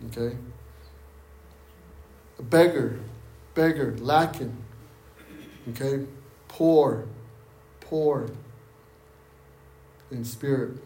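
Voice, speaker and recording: A man's voice: medium pitch, slow, long pauses, darkish tone, echoey room. A man preaching an interactive sermon, repeating key words for emphasis and asking his group questions. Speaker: preacher leading a Bible study.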